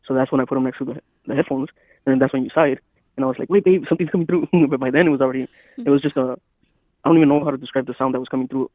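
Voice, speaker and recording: Fast-talking man on a tinny phone line. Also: medium pitch, level tone, dry recording. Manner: rambling, quotes himself often. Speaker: podcast guest. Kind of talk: casual storytelling chat. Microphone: phone call.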